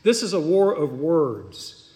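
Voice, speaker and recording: A man's voice: a little high, big pitch swings, slow pace, darkish tone. A pastor preaching an earnest, emphatic sermon, often repeating words as he goes. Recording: long hall reverb.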